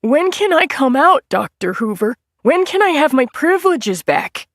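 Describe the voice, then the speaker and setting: A woman voicing a small, middle-aged male asylum patient who talks in a high-pitched, pleading whine. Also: sing-song, normal speed, fairly bright tone, no room sound, studio quality, full character voice. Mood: whining pleading.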